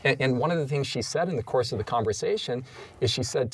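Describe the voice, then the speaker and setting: A man takes part in a faith discussion panel at a middle pitch. He tells stories in an earnest, conversational way and recounts what others have said to him. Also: fast talker, slightly rough.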